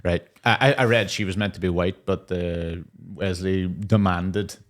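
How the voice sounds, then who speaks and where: A man's voice: sits low, fairly even intonation, unhurried. A young adult man co-hosting a comedy podcast, riffing casually and laughing often between jokes. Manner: jokey, laughs often, acts out quotes. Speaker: podcast co-host and stand-up comic.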